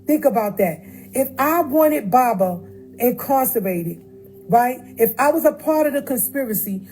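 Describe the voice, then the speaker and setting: A woman's voice: on the high side, dark tone, a little hiss or hum, low-quality recording. A woman talking straight to viewers on a phone livestream, emphatic and repeating her points. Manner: emphatic, repeats phrases, addresses viewers directly. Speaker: livestream host. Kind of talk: casual livestream talk.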